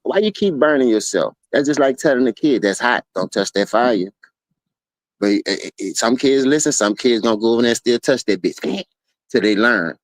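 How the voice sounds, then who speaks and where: A man's voice: mid-range voice, expressive, normal speed, no echo. Profane, rambling man on a dry mic. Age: adult, calls himself an OG. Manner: loose, profane storytelling with slang and repeated "you feel me". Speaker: livestream basketball talk host. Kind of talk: casual sports debate chat.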